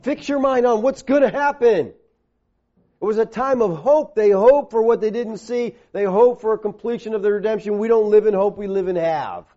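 A male preacher with a high but mellow, dark-toned voice delivers an emphatic sermon, pressing on key words. He quotes scripture in a lower, slower voice. The recording is dull and lo-fi.

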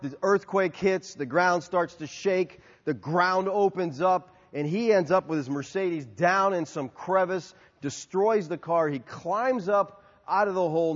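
A man with a high voice preaches a sermon in an easy, conversational way. His words ring out with a long reverb, and the recording sounds dull and lo-fi. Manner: conversational, storytelling with acted-out shouts. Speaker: pastor.

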